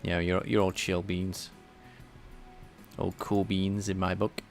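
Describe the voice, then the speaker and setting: A man's voice: sits low, level tone, measured pace, creaky, faint music behind. A man live-streaming his programming work, thinking aloud in a casual, rambling way and chatting with viewers. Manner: rambling and self-deprecating, chatting with viewers between tasks.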